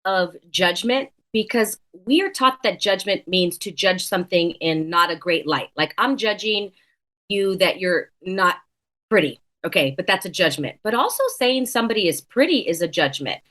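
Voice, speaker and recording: A woman's voice: on the low side, lively intonation, moderate pace, a bit bright. Earnest woman guest, repeats for emphasis. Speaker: podcast guest. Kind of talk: casual interview conversation.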